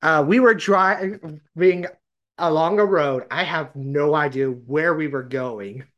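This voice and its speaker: A man's voice: a little high, slow, a bit bright, muffled recording. A man from Arkansas, hosting a podcast and telling a rambling, laughing story in casual chat. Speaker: podcast host.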